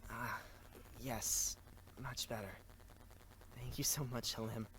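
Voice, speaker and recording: A man voicing a weary, wounded young captive who speaks in soft, hushed, gentle tones. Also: mid-range voice, steady tone, takes it slowly, rough recording. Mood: gentle, soothing.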